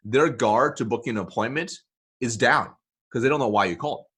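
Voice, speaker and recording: A man with a husky, slightly breathy voice sits at middle pitch as he explains sales tactics in an interview. He keeps checking in with his listener, tagging "okay?" and "right?" onto his points. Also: a little fast, a bit bright. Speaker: sales coach guest.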